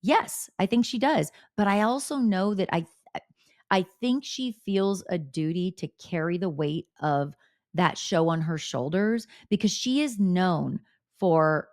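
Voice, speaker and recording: Unhurried and lowish in pitch, a woman hosting a podcast recounts candid gossip in casual, animated conversation, swearing bluntly. The recording has studio quality and no echo.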